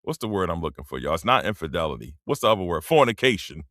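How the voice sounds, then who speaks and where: A man's voice: low-pitched, very animated, fast, fairly bright tone, no room sound, studio quality. A middle-aged man, hosting a casual livestream rant, loose and joking, laughing mid-sentence and calling out to his chat. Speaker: livestream host.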